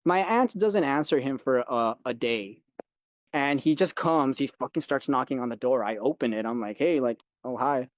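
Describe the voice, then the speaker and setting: Guest: young man, loose profane storyteller, mid-pitched, dull lo-fi mic. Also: expressive, normal speed, dry recording. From United States. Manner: rambling, profane storytelling full of fillers. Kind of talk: casual chat.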